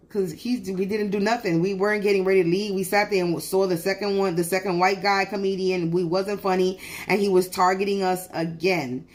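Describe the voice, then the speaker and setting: A woman's voice: mid-range voice, steady tone, fairly quick, hardly any pauses. Heated New woman venting. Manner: heated, profane storytelling with many restarts. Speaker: livestreamer. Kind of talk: venting casual monologue. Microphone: phone.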